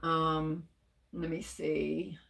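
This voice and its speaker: A woman's voice: low voice, flat delivery, gravelly, fairly bright tone. A woman, chatting casually with viewers on a craft livestream and drawing out her words. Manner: chatty, drawn-out, talks to viewers. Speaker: craft vlogger.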